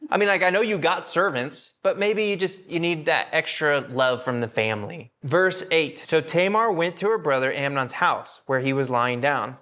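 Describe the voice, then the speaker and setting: A man's voice: fairly high pitch, moderate pace, few pauses, pushed and bright. Casual man teaching a Bible study. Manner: conversational, acts out characters' lines in casual slang. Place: room with a live group.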